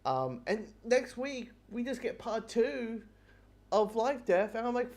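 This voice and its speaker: A man giving a casual spoken review of a TV episode, rambling and excitable and swearing freely. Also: high-pitched, normal speed. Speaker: TV show reviewer.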